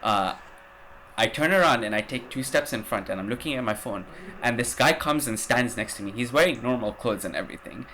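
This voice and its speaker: A man's voice: mid-range voice, expressive, brisk, sharp tone, a little hiss or hum. A man hosting a podcast, telling a travel story in a rambling, casual way, swearing and using lots of fillers. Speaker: podcast host.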